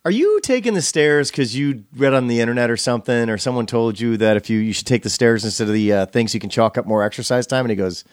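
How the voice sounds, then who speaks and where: A man's voice: mid-range voice, fast talker, few pauses, no echo, clean studio sound. A man riffing sarcastically in casual comedic chat.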